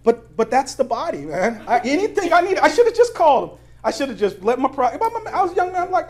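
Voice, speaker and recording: A pastor with a high-pitched voice delivers a conversational sermon in a church, tossing questions at the congregation and breaking into laughter as he tells stories on himself. He moves between quiet, low asides and loud, excited bursts. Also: brisk, hardly any pauses. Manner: conversational preaching with call-and-response questions and laughing anecdotes. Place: church sanctuary.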